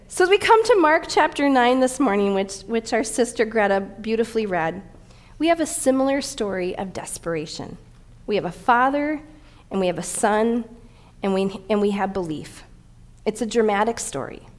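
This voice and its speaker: A middle-aged woman pastor preaching a sermon, telling a personal story with animated, emotional delivery. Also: a little high, normal speed.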